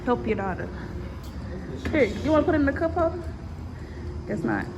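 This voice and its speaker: A woman's voice: high-pitched, huge pitch swings, normal speed. A woman filming a casual family vlog while walking around a public attraction, teasing and laughing as she talks to the camera. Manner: playful, teasing, laughs often. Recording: noisy handheld phone audio.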